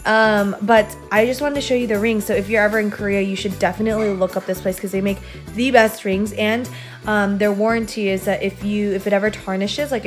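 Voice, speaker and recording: Chatty young woman vlogger. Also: mid-range voice. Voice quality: chatty, lots of filler words. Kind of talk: casual vlog chat.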